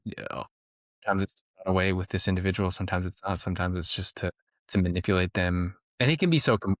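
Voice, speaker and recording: A man's voice: sits low, dry recording, studio quality. A man being interviewed as a guest, explaining earnestly in conversation, often restarting his sentences.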